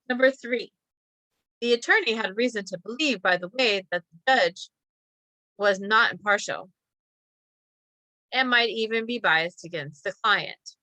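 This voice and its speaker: A woman's voice: mid-range voice, expressive, a little slow, pauses often, bright, forceful tone, dry recording. A woman teacher reading practice sentences aloud and calling out each comma, with chatty asides. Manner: chatty asides about a company.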